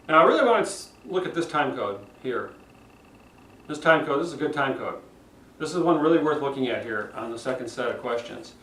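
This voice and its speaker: A man teaching public speaking, demonstrating phrasing with dramatic pauses and emphasis. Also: medium pitch, fairly bright tone. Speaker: speaking coach. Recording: echoey room from far off with faint noise.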